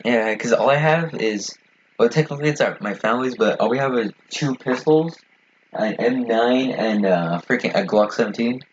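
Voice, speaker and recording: A young man co-hosting a casual podcast chat, talking fast and rambling with lots of fillers and swearing. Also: mid-range voice. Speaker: podcast co-host. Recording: dull lo-fi sound with faint noise.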